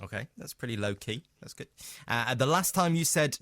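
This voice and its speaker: A man with a British accent hosting a radio interview, chatty and teasing, firing off quick questions. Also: medium pitch, expressive, a bit bright, no room sound. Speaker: radio host.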